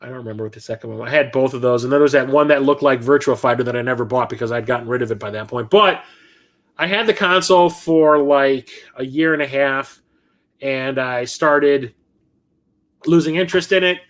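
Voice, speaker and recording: Fairly quick and medium-pitched, a middle-aged man hosting a livestream rambles through an anecdote in casual storytelling fashion, putting on animated voices as he quotes the people involved.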